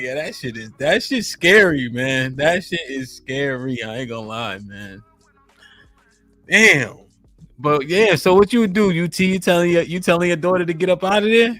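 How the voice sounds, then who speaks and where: Host, man, bright tense voice, laughs a lot, soft music behind. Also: on the high side. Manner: laughs a lot, swears casually, quizzes the others. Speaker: podcast host. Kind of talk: casual chat. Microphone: studio microphone.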